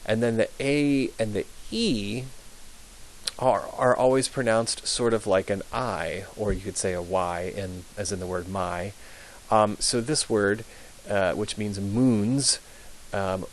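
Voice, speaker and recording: A fairly low-voiced young man runs a classroom pronunciation lesson. He repeats each word slowly and patiently, filling pauses with ums. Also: fairly even intonation, poor audio. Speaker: Latin teacher. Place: high school classroom.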